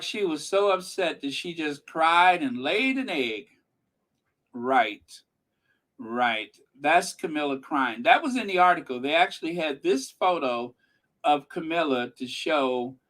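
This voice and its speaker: A man's voice: fairly high pitch, animated, unhurried, fairly bright tone. A man hosting a casual reaction channel, speaking sarcastically and emphatically to his viewers and live chat. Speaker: commentary channel host.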